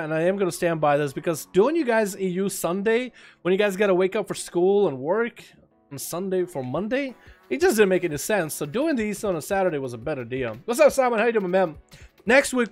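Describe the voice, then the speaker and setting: A man from Russia hosts a gaming livestream, calling each fight play by play and joking with his chat in loose slang. His voice sits high for a man, and faint music runs quietly underneath. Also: expressive, a little fast. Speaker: livestream host and duel commentator. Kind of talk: live game commentary and chat talk.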